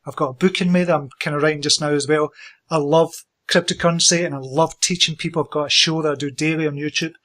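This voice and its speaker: A man's voice: fairly high pitch, steady tone, fast, fairly bright tone. A man hosting an interview in a casual, eager, talkative way. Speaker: interview host.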